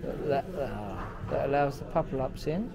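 A man's voice: medium pitch, animated, normal speed, creaky, over loud music. A middle-aged man narrating a casual travel vlog in a chatty, joking way. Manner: chatty, jokey, talks playfully to his dogs. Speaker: vlogger.

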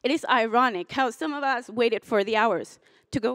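A young graduating student gives a commencement speech in a fairly high voice. She moves between heartfelt, tearful moments and teasing jokes for her classmates. The sound is close and dry. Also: moderate pace, a bit bright, no echo. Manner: emotional, chokes up and laughs through tears, then jokes with the crowd. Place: hotel ballroom.

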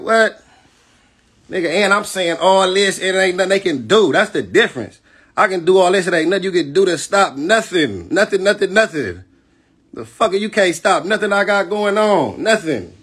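A battle rapper, ranting aggressively and profanely on a livestream. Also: male voice, high-pitched, slightly rough. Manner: keeps asking "you know what I'm saying". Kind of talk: heated livestream rant.

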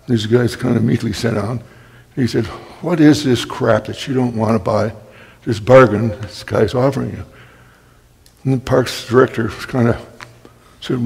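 An older man, a guest speaker, telling wry anecdotes in a storytelling talk and clearing his throat often. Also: medium pitch, steady tone, unhurried, a little mellow. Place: library talk hall. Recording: long hall reverb.

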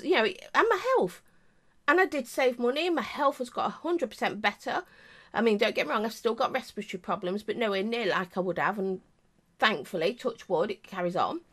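English woman, middle-aged, chatty rambling vlogger, slightly high voice with lots of swing. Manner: chatty and rambling, with many asides. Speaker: vape reviewer. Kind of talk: casual chat to camera.

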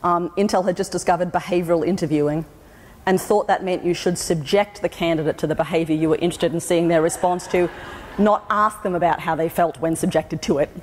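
A woman's voice: fairly low pitch, fairly even intonation, brisk, darkish tone, a little hiss or hum. An Australian woman gives a funny keynote on a conference stage. She tells wry anecdotes and pops into other people's voices as she goes, and her voice carries with a long echo through a large hall. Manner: wry storytelling, acting out quoted voices. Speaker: keynote speaker. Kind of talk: humorous conference talk.

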